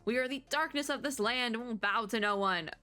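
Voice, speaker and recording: A woman's voice: on the high side, brisk, sharp tone. A woman voicing a pompous male gang leader with a mohawk, speaking in a put-on country accent. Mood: boastful. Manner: boastful, theatrical.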